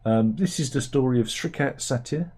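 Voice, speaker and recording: This British satirical news host has a mid-range, darkish, slightly rough voice at normal speed. Chatting in a wry, meandering way, he talks to himself with many fillers and restarts.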